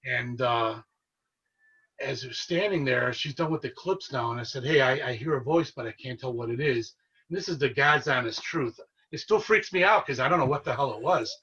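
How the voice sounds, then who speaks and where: A man, a paranormal investigator, telling his story as a podcast guest in an earnest, excitable way. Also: medium pitch, moderate pace, breathy edge, recorded from a distance, lo-fi sound. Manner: earnest, excitable storyteller who relives events. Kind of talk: casual storytelling interview.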